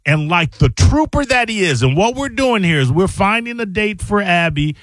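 A man hosting a radio show, bantering loudly and laughing often with his co-hosts and callers. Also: high-pitched, normal speed, no echo, studio quality. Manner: laughs often, loud and animated. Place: radio studio.

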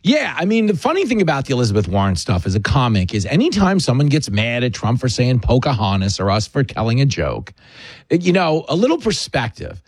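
A man's voice: mid-range voice, wildly swooping pitch, a little fast, breathy edge, no room sound. A man hosting a talk show, joking with a guest in loose comedic banter and laughing often. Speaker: radio host.

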